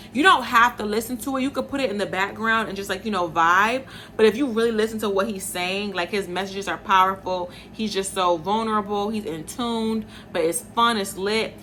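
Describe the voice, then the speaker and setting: Chatty opinionated woman host, bright voice. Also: mid-range voice, a little hiss or hum. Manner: chatty, opinionated, addresses viewers as y'all. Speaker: host and journalist. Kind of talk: casual chat to viewers.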